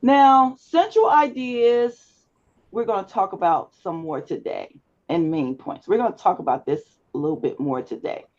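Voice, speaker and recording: This public speaking instructor's voice is low, husky and warm, and she talks briskly and with animation. She addresses her students directly in a live online lecture, firm and instructive. Her computer mic on the video class call gives slightly dull audio.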